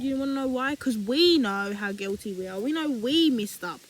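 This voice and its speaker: A young woman with a high voice talks about faith straight to camera. Her speech is slangy and animated, full of rhetorical questions like a casual sermon. Faint noise sits under the recording. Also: brisk, hardly any pauses. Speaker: faith vlogger.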